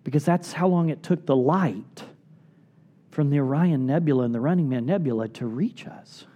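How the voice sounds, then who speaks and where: A middle-aged pastor preaches a sermon at a moderate pace, sounding earnest and pleading. He often drops into soft, low tones for emphasis.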